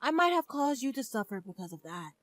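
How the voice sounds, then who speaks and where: A woman voicing a gentle, loving mother with an encouraging manner. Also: fairly high pitch, very animated, brisk, no room sound. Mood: affectionate. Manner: warm, encouraging.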